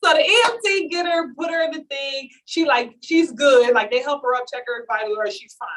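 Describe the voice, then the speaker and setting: A woman telling a story to a live audience in an animated, comic way, acting out what each person said. Her voice sits a bit high. She is picked up by a mic some way off at the event. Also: fairly quick, distant mic, poor audio. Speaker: speaker at a launch event.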